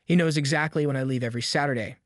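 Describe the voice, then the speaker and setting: A man's voice: a little high, rapid-fire, no echo, clean studio sound, natural voice. A man voicing a pushy, entitled woman neighbor who talks in a theatrical, demanding way in a storybook reading. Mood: indignant.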